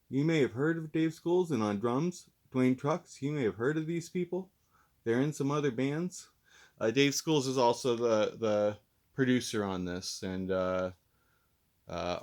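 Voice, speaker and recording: A man hosting a casual vlog review who talks in a rambling, laid-back, self-deprecating way while mildly stoned. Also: medium pitch. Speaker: host and reviewer.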